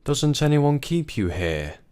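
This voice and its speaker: A man's voice: on the high side, very animated, slow pace, a little mellow, clear, resonant tone, voice pushed up. A man voicing a startled grown woman in a story, asking alarmed questions. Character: startled adult woman, friend of the wife.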